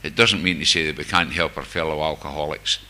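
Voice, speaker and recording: The older man telling a group about his recovery hails from near Glasgow, Scotland, and has the area's accent. His very deep voice is pushed and bright, fairly quick, with fairly even intonation, and his candid account carries wry, self-mocking humor.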